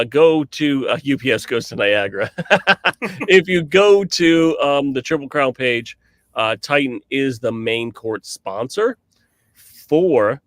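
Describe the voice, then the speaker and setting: A man co-hosting a casual cornhole podcast, telling lively stories with lots of fillers and restarts. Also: medium pitch, dry recording. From New England, US. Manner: animated storyteller with frequent fillers and restarts. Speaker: cornhole podcast co-host and commentator.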